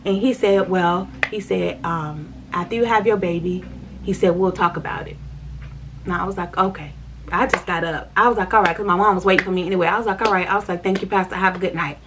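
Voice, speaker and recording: A woman's voice: lowish voice, fairly even intonation, fairly quick, noisy background. A middle-aged woman telling her viewers a personal church testimony in an earnest way, repeating her key lines. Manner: earnest and repetitive, speaking straight to viewers. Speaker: vlogger sharing her faith journey.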